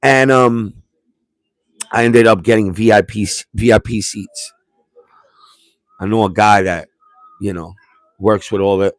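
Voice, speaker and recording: A man from Puerto Rico hosts a livestream, telling a family story in a rambling, streetwise style, restarting sentences and dropping slang. His voice is on the low side, with no echo.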